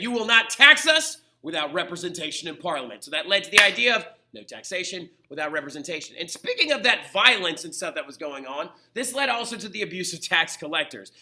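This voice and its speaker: Guy teacher, high voice, super sharp bright tone, chatty lecture that keeps asking "right?". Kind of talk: casual classroom lecture.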